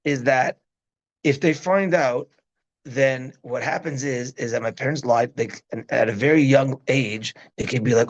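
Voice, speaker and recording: A rabbi teaching a parenting class speaks in an unhurried, husky voice of medium pitch. He's casual and animated, regularly checking in with his listeners. The recording sounds dull and lo-fi.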